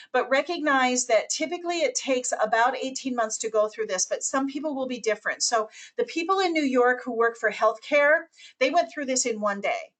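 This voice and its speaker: A woman presenting a webinar, speaking in an animated way and acting out the voices of the people she quotes. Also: on the high side.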